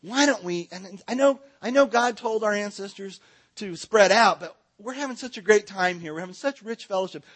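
A man's voice: sits high, normal speed, a bit bright. A man voicing an eager ancient city builder who chummily talks his neighbors into building a great tower. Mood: persuasive.

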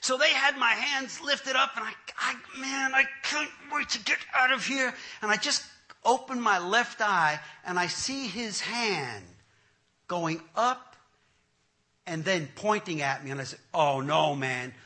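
A man's voice: extremely high pitch, a little slow. A man, an entertainer, telling his testimony as a comic story, laughing as he goes. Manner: animated, laughing through the story.

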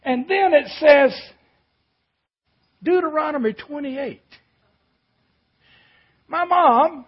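A man preaching a sermon, shifting between shouted emphasis and quiet, reflective reading. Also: very high voice, extremely slow, pauses often, lo-fi sound.

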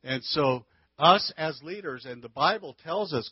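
On a dry, lo-fi recording, a man with a fairly high, slightly rough voice speaks in an animated way at a measured pace. Holding a handheld mic, he gives a folksy church lesson on marriage, teaching conversationally with many restarts.

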